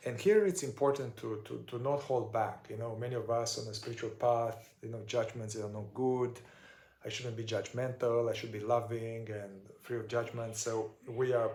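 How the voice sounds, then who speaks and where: A man explains a therapy process one step at a time, in no hurry and pausing often to find his words. His voice sits in a middle register. The room around him rings with a noticeable echo. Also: medium pitch, fairly even intonation, a little mellow. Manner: unhurried, searching for words with many fillers. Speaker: somatic shadow work teacher.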